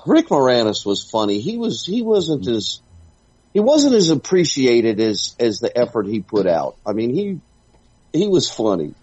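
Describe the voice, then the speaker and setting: A man on a panel talk show, wry and unhurried. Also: mid-range voice, huge pitch swings, a little mellow, slightly rough, lo-fi sound.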